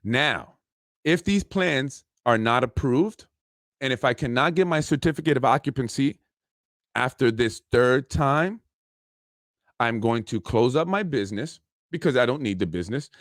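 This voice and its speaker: A man's voice: mid-range voice, animated, normal speed, a bit bright, no echo, studio quality. A man hosting his own podcast, talking casually in an aggrieved, indignant, rambling way. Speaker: podcast host. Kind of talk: casual solo podcast monologue.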